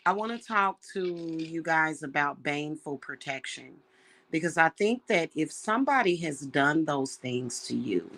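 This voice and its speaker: A woman's voice: sits low, lively intonation, fairly bright tone. A woman who works as a witch and reader, talking casually and with feeling to her viewers, calling them y'all. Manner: slow, heartfelt, emotional, addresses viewers as y'all. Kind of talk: casual spiritual talk to viewers.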